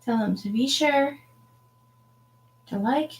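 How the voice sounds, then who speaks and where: A woman's voice: sits high, takes it slowly, a little hiss or hum. A woman hosting a tarot livestream from home, chatting casually and rambling to her viewers.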